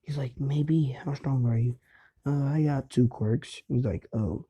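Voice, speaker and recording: A man's voice: mid-range voice, unhurried, dark tone, slightly rough. A man casually retelling a fan story off the cuff, rambling and hesitant, with lots of fillers and restarts. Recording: dull lo-fi home recording.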